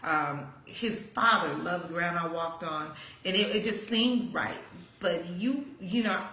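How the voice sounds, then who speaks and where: A woman's voice: fairly low pitch, a little slow. A woman in her forties, a pastor, telling her personal testimony in conversation and acting out the dialogue as she goes. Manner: animated storyteller acting out quoted dialogue. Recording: roomy echo.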